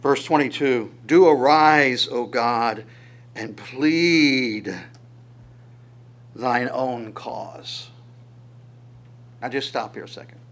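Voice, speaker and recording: Man preaching, energetic Bible teaching, medium pitch, lively rhetorical delivery. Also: very slow, pauses often. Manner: animated, voices God's words in quotes, asks rhetorical questions, chuckles. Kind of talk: sermon teaching through Psalms.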